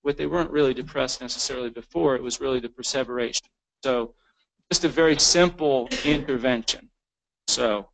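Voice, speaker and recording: A man's voice: mid-range voice, brisk, gravelly, fairly bright tone, rough recording. A man presenting a continuing education lecture in a conversational way, often restarting words and acting out the lines of clients and staff. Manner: informal, repeats words, acts out quoted clients.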